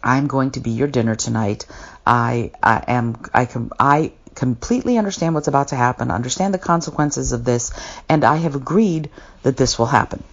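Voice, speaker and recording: A woman's voice: extremely low pitch, moderate pace, muffled recording. Bessie, a woman voicing a polite talking cow. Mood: cheerfully agreeable. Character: calm, polite talking cow who agrees to be eaten.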